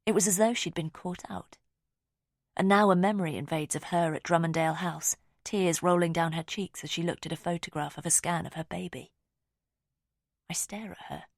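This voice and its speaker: A woman narrating a first-person audiobook in a quiet, measured, intimate way. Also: on the low side, steady tone, creaky, dry recording, clean studio sound.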